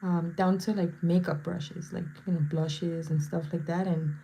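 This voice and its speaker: A woman's voice: fairly low pitch, steady tone, a little slow, warm tone. Brief: bubbly woman face painter, thirties, chatty live-stream host, faint hiss behind. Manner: bubbly, chatty, playful asides. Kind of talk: casual live-stream chat while painting.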